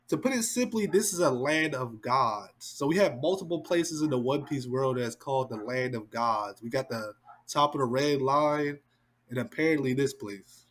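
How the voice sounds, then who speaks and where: Dude doing a comic chapter reaction, slangy and loose, slightly husky voice. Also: male voice, mid-range voice, animated, normal speed. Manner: slangy, loose, peppered with "man" and "like". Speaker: manga reviewer. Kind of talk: casual reaction and review.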